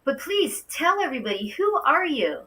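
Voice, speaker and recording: An effusive woman hosting a talk show, exclaiming warmly to her guest. Her voice is bright and fairly high. She sits a bit back from the microphone. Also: big pitch swings, normal speed, far from the mic, low-quality recording. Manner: effusive, gushing, exclaims often. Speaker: show host.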